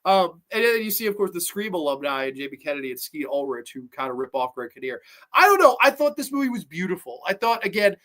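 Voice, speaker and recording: A man hosting a podcast, chatting casually about a film in a rambling, excitable way and swearing often. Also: high-pitched, quick pace. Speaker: podcast host. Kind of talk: casual movie review chat.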